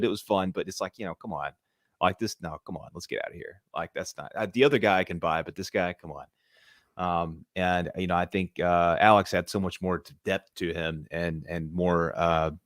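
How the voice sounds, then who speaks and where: A man co-hosting a casual live-stream movie debate, rambling and getting loud when heated. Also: low voice, no echo, clean studio sound.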